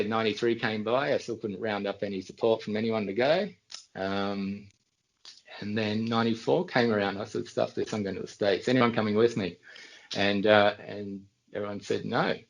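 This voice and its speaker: A man's voice: fairly low pitch, gravelly, low-quality recording. A middle-aged Australian man, a podcast guest, telling casual, rambling anecdotes with frequent restarts. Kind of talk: casual storytelling.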